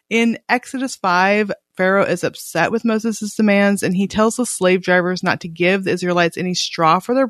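A woman's voice: mid-range voice, no room sound. A chatty woman co-hosting a Bible podcast, recorded close and dry. Her voice sits in an ordinary middle range, and she laughs easily between passages she reads aloud. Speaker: podcast co-host. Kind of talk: casual Bible reading chat.

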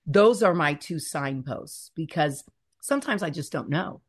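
With a low, breathy-edged voice and a measured pace, a woman in her fifties speaks as a guest author in a faith-centered interview. She covers faith, fear and scripture earnestly and animatedly, stretching key words as she tells her stories.

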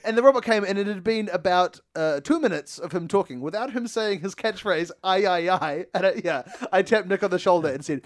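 A New man in his thirties with a fairly high voice, chatting casually as a podcast co-host. He tells stories playfully and laughs often. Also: lively intonation, fairly quick, hardly any pauses. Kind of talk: casual chat.

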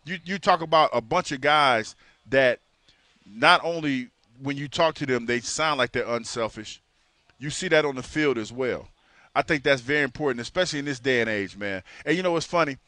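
A man's voice: mid-range voice, moderate pace, sharp tone, no echo. A man co-hosting sports talk in a laid-back, chatty way who often repeats his words. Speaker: sports radio co-host.

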